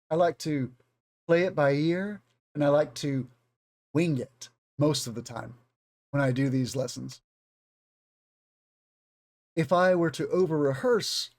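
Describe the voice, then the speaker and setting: A Southern US English teacher gives an unscripted video lesson in a fairly high, slightly mellow voice. He teaches casually, rambling in a conversational, self-aware way.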